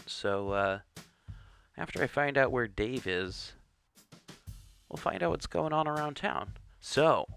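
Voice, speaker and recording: A man's voice: medium pitch, gravelly, bright, forceful tone. A man hosting a radio show, giving a casual, rambling intro and correcting himself as he goes.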